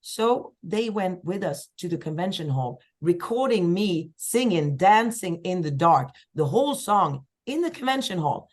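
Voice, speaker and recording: Animated woman telling stories. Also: a little slow, few pauses. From Sweden. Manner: lively storyteller, acts out quoted voices with big pitch jumps. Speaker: singer-songwriter guest. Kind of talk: casual podcast chat.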